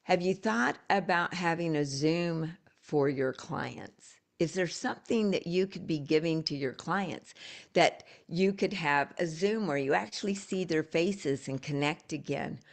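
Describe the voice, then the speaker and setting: A woman with a low, gravelly voice leads a live coaching call. She talks in a loose, storytelling way and often restarts her sentences. She sounds like she is speaking into a video call. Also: measured pace. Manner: storytelling, encouraging, conversational with restarts.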